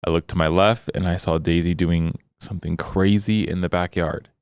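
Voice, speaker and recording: Low, smooth-voiced male podcast co-host. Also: fairly even intonation, moderate pace, no echo. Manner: rambling, jokey. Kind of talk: casual chat.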